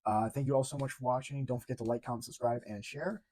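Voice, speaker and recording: Young male vlogger, mellow tone, rambling and excitable, casual review delivery. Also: medium pitch, quick pace, slight background noise. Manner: excitable, rambling, swears, says 'like' often. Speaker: TV show reviewer.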